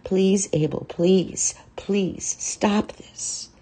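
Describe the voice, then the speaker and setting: Story role: a worn-out grieving woman, read by a woman, soft and husky. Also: mid-range voice, fairly even intonation, very slow, pitched above the performer's own voice, heavily acted. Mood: pleading. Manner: pleading, soft-spoken.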